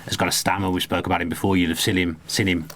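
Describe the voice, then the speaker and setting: Man, podcast host, very deep voice, rapid football chat, teasing asides in a booth. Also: flat delivery, a bit bright, slight background noise. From Birmingham, England. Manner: leads the talk, teasing asides.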